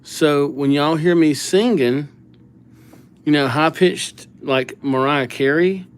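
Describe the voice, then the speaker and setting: A man's voice: a little high, takes it slowly, clear, resonant tone. A young man hosting a calligraphy livestream, chatting and joking while he writes viewers' names and hands out goofy nicknames. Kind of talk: casual livestream chat while writing names.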